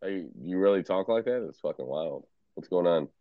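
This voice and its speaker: A man's voice: low voice, expressive, normal speed, dry recording, narrow, tinny audio. A man streaming in a casual video chat, laid-back and teasing, swearing freely. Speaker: streamer and tarot card reader.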